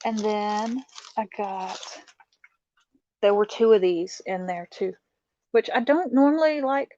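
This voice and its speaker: A middle-aged woman, talking slowly and easily as she chats with her live-stream viewers. She laughs a lot along the way. The sound is dull and muffled, and the voice is close and dry. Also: mid-range voice, mellow, no room sound. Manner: chatty, laughs often, talks to viewers in chat. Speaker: livestream host showing a craft haul. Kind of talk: casual live-stream chat.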